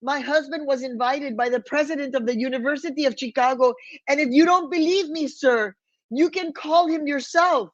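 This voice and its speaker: A woman's voice: high-pitched, normal speed, no echo, pitched above the performer's own voice, close to an everyday voice. A woman doing a fierce, defiant petite mother. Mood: firm. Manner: firm, formal, fiercely protective. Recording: dull, lo-fi, dry.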